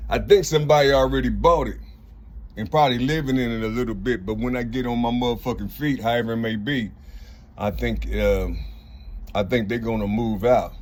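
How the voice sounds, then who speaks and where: A man's voice: medium pitch, a little mellow. An older man talking to the camera in a rambling casual monologue, repeating "you see" and swearing a lot. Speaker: vlogger.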